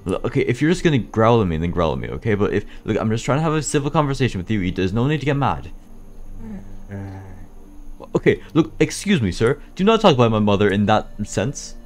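A man's voice: on the low side, big pitch swings, fairly quick, faint music behind. A man voicing a goofy, whiny animatronic bear who stammers as he talks in a game machinima. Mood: indignant.

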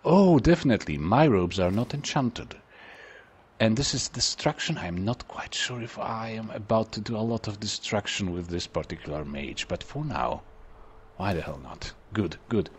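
A man's voice: lowish voice, animated, normal speed, husky. A man hosting a let's play, chatty, joking and self-deprecating, talking back to the game's characters. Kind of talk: casual game commentary.

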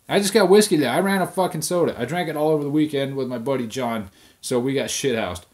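A man's voice: mid-range voice, fast talker, a little mellow. A young man venting on camera at home, swearing constantly as he rants about his week. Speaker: vlog host. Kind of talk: profane ranting monologue.

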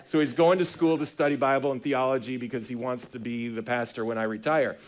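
A middle-aged man preaching a sermon as pastor, talking in a conversational, animated storytelling way with frequent restarts. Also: medium pitch, fairly quick. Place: church sanctuary.

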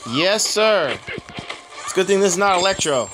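A man in his thirties with a hoarse voice, chatting casually and laughing at himself while commenting on a mobile game at home. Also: high-pitched, animated, normal speed, over music.

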